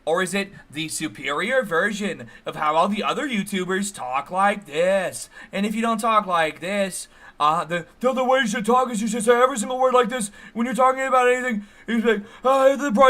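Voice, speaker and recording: A man mockingly imitating a loud young male streamer who yells every single word with punchy emphasis. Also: high voice, expressive, a little slow, heavily acted. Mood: mocking, shouting.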